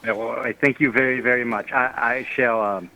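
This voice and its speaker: A male caller with a middle-pitched voice who talks hesitantly and keeps stammering over his words. The sound is dull and muffled, like a low-quality phone line. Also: steady tone, a little fast.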